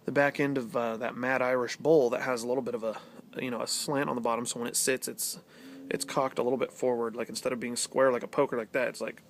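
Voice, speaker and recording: A man's voice: mid-range voice, a little hiss or hum. A man chatting casually to camera as a vlogger, rambling and sarcastic, with many fillers and restarts. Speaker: pipe-smoking vlogger.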